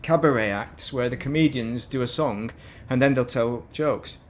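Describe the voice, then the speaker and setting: Here the Northern English man has a medium-pitched voice at normal speed, with a little background noise. He casually narrates his gaming stream and rambles into self-mocking digressions.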